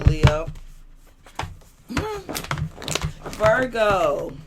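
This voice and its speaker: Slow-talking chatty woman tarot host. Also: mid-range voice, very noisy. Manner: chatty, laughing, interrupted by hiccups. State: has the hiccups. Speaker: tarot reader and podcast host. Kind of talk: casual tarot reading chat.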